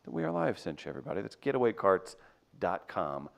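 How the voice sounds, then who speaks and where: Lively-voiced man hosting a comedy podcast. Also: low voice, fast talker, gravelly. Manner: laughing, teasing, reads sponsor spots. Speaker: podcast host. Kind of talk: casual comedic podcast banter.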